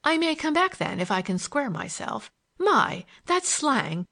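In this audiobook, a female narrator plays a playful, mocking young woman who talks fast and breathlessly with a lively lilt. Her pitch jumps high and swings broadly from phrase to phrase, and the voice is creaky and exaggerated.

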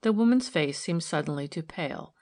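A woman reading a novel aloud in steady, measured narration. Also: deep voice. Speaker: audiobook reader. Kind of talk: scripted narration.

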